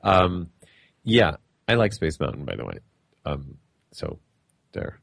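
A man with a low voice and a non-native accent hosts a studio chat show. He talks in a playful, halting way, restarting his sentences and laughing often. The sound is close and dry. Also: very animated, vocal fry, fairly bright tone, no echo. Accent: non-native English accent. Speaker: talk show host.

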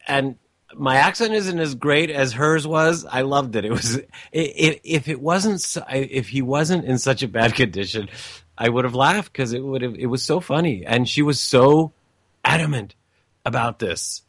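A man's voice: mid-range voice, lively intonation, normal speed, a bit bright, no echo, studio quality. Reflective man telling a personal story. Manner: reflective, with frequent restarts and asides.

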